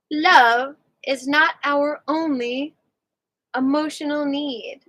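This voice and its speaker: A woman from New York reads a book aloud on a livestream. Her voice is fairly high and sharply bright, and she takes her time, leaning on key words as she reads. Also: animated, rough recording. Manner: unhurried, leaning on words, breaks off for playful asides. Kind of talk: reading nonfiction aloud on a livestream.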